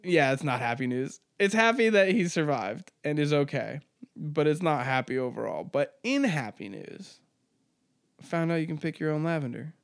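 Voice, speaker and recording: A man's voice: a little high, animated, normal speed, creaky, clear, resonant tone, no echo, studio quality. A man hosting a podcast alone, rambling casually with lots of swearing and laughing at his own jokes. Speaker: podcast host. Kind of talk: casual solo podcast monologue.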